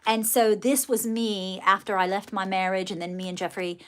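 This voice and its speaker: A woman's voice: mid-range voice, steady tone, normal speed, clean tone. A woman with a light, adopted British RP accent hosting a casual livestream, gushing and affectionate, calling viewers darling and saying little often. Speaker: livestream host and children's book author.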